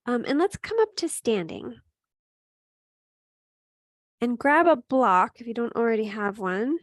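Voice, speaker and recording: A woman with a fairly high voice leads a gentle yoga class, her instructions calm and encouraging. She checks in with students as she goes and fills pauses with soft "um"s. The sound is close and dry, with no room echo. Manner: calm, encouraging cues with frequent "right?" and "um"; speaks to students by name. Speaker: yoga teacher.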